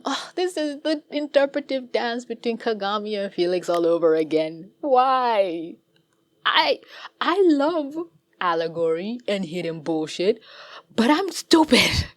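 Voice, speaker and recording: Excitable swearing woman reacting to a cartoon. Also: on the high side, slow, no echo. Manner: excitable, swearing, laughing often. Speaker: reaction video host. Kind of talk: casual reaction commentary.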